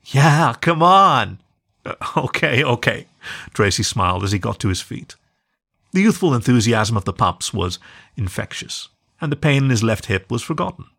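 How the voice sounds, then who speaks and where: Guy reading a story out loud, expressive, voice moving up and down a lot. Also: fairly low pitch, fairly quick, gravelly, breathy edge. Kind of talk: scripted narration.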